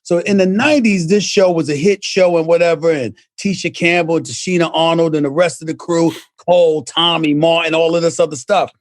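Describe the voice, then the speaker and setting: A middle-aged man telling a story in lively chat, acting out quotes with shouts and laughs. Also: a little high, a little fast, hardly any pauses, no room sound, clean studio sound. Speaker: show guest and co-host.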